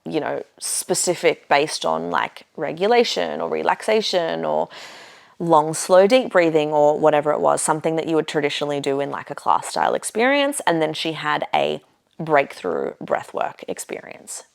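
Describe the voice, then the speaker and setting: Woman, podcast host, low voice, relaxed personal storytelling, filler words, casual swearing. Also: moderate pace, gravelly. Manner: chatty, lots of filler "like" and "you know", swears casually.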